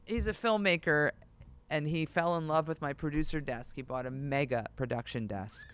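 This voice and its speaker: A music producer vlogger talking casually to viewers, excitable and thinking aloud while browsing gear listings. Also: medium pitch, normal speed, clean tone. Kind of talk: casual vlog talk to camera.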